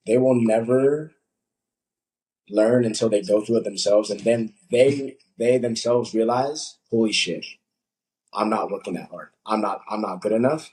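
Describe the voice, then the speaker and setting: A young man, a coach, chatting casually on a podcast, telling animated stories and acting out what people said. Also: on the low side, unhurried, husky, low-quality recording. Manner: animated storytelling, acts out quotes.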